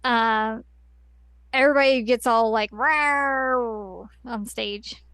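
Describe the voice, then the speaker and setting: A woman's voice: on the high side, steady tone, measured pace, fairly bright tone, clear, resonant tone, no room sound. A woman on a podcast, casually recapping a story at length with lots of fillers and restarts. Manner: rambling plot recap with many fillers. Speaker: podcast co-host. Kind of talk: casual chat.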